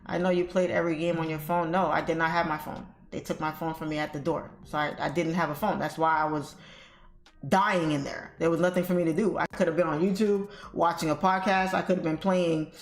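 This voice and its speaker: A woman's voice: sits low, steady tone, fairly quick. A woman host chatting casually to her viewers, telling an exasperated story with salty language and calling them y'all. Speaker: trading livestream host. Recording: roomy echo with faint music.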